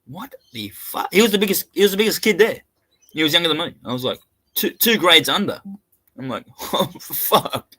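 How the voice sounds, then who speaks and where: An Australian man tells crude stories in a casual chat, often laughing and putting on voices. His voice is bright and forceful. The sound is close and dry. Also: a little high, expressive, fast talker, no echo. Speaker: podcast co-host.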